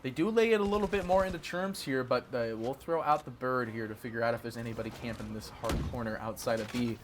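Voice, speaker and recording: A man doing excitable play-by-play esports commentary, reacting fast and laughing often. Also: mid-range voice. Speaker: esports caster. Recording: noisy game audio behind.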